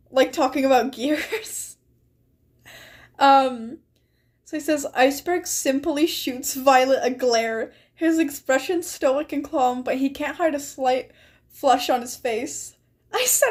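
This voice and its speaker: A young woman streams a game, chatting casually and reading story text aloud with frequent giggles. Her voice sits high and her pace is measured.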